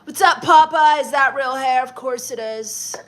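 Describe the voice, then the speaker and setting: A young woman hosting a livestream, reading viewer comments aloud in a deadpan, dismissive, sarcastic comedic manner. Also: sits high, moderate pace. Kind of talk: in-character comedic livestream chat.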